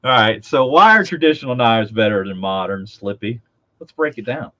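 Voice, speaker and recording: A man's voice: mid-range voice, lively intonation, normal speed, sharp tone, no echo. An American man co-hosting a livestream, joking and teasing in casual banter over a video call. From United States. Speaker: co-host. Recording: lo-fi audio.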